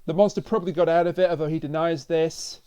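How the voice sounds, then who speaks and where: A man's voice: on the high side, fairly even intonation, quick pace, warm tone, clean tone, muffled recording. A man hosting a podcast, reviewing an episode with enthusiastic, mock-indignant banter. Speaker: podcast host. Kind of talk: casual chat, episode review.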